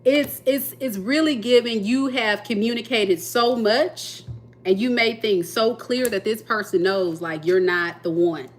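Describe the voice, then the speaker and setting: A woman's voice: a little high, measured pace. A woman giving a live tarot reading, talking playfully to her viewers and often breaking into laughter. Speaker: tarot reader.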